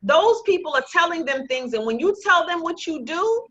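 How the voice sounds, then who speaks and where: A woman teaching a real estate investing class, talking in a lively, joking, sales-pitch way. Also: normal speed, dull audio. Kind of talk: live online class presentation.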